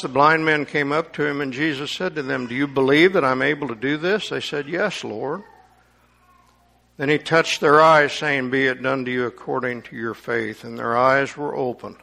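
A man's voice: mid-range voice, vocal fry, bright, forceful tone. A man preaching a sermon, reading scripture aloud and commenting on it with rising emphasis.

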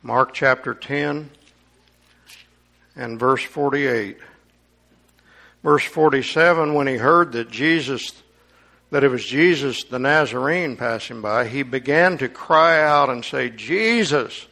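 A man's voice: mid-range voice, slow pace, creaky, bright, forceful tone. A man preaching a sermon, reading scripture aloud and commenting on it with rising emphasis.

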